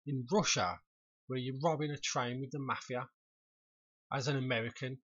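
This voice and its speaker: A man's voice: mid-range voice, steady tone, moderate pace, a bit bright, husky, lo-fi sound. A man hosting a casual chat, reacting to a story with laughs and short exclamations. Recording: noisy with audience chatter behind.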